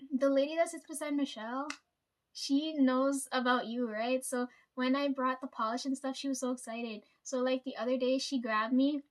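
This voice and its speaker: High-voiced rambling woman vlogger. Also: steady tone, normal speed. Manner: rambling, swears freely, constant "like" and "right?". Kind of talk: casual storytime chat.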